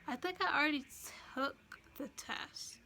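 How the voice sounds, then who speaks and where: Her high-pitched voice is creaky, pushed and bright as a young adult vlogger recounts a personal storytime a little slowly, with a bit of hiss or hum in the audio. She's chatty, full of fillers and restarts, and sometimes emotional to the point of near tears.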